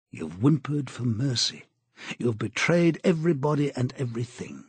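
A man voicing a cold, commanding male interrogator who speaks in a slow, measured, contemptuous way, with a husky voice. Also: medium pitch, no room sound.

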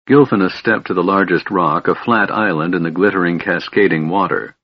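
A man narrating a fantasy novel in a measured, steady way. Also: low-pitched, husky, no room sound, muffled recording. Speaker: audiobook narrator.

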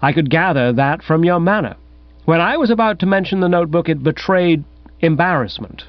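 A man reads comic first-person narration with a wry, lively delivery, his voice sitting a little high and moving a lot. The recording is close and dry, with a dull, muffled top end. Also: brisk, no room sound. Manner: wry, animated storytelling. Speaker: audiobook narrator.

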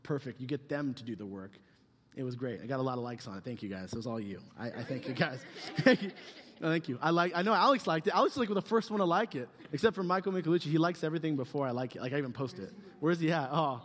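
A man's voice: on the high side, expressive, quick pace, a bit bright. Joking man preaching in a reverberant hall. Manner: casual, joking, rambling with many fillers. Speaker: youth pastor. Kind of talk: humorous youth sermon.

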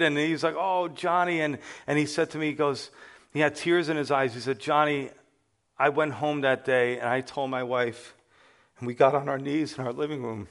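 A middle-aged man, a pastor, preaching a sermon as an animated personal testimony that acts out the voices of the people in his story. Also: fairly high pitch, moderate pace.

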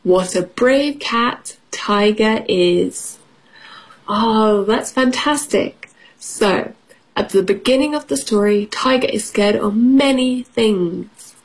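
An English teacher reads a picture book aloud to children, encouraging them and asking questions as she goes. Her mid-range voice is husky and slow, and the recording is rough.

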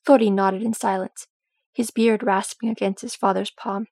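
A woman reading a fan fiction audiobook in a steady, even storytelling manner. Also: mid-range voice, normal speed, creaky, no room sound. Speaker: audiobook reader.

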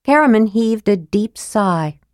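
A woman narrating an audiobook in a steady, measured reading style. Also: mid-range voice, no echo, studio quality.

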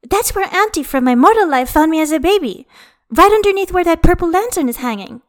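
A woman's voice: high voice, big pitch swings, unhurried, a bit bright, voice pushed up, heavily acted. A woman voicing a sweet tipsy flower fairy. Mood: playful.

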